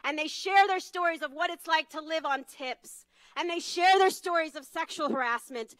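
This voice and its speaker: Woman activist, high bright voice, dry close sound, urgent and emphatic stage speech. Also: normal speed, dry recording, poor audio. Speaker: advocacy leader giving a speech. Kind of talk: impassioned rally speech. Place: conference stage.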